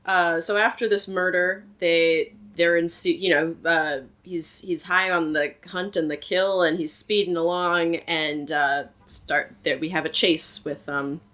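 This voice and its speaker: A woman with a low voice joins a casual podcast. She chats easily about scenes from a horror film and adds her own comments. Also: a little slow, few pauses. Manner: relaxed, chatty commentary on scenes. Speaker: podcast guest. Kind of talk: casual movie recap chat.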